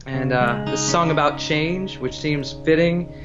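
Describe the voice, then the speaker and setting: A man's voice: a little high, a little slow, dull audio, music in the background. A man chatting casually as a guest musician, telling a story in a rambling, self-interrupting way. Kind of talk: casual livestream chat between songs.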